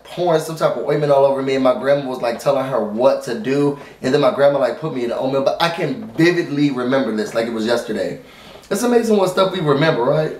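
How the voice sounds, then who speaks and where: At home with his dog nearby, a TV recap vlogger casually runs through an episode, calling his viewers y'all and rambling with plenty of fillers and restarts. His voice is medium in pitch, and the recording is reverberant with slight background noise.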